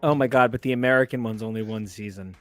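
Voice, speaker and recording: A man hosting a podcast in casual chat, telling long, animated stories with lots of fillers. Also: lowish voice, fast talker, no echo, soft background music. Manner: rambling, animated storyteller. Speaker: podcast host.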